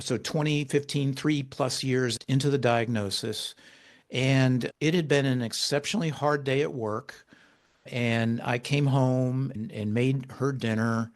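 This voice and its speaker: A man, an author as podcast guest, telling a personal story in conversation, halting with frequent restarts and turning animated when he quotes himself. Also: medium pitch.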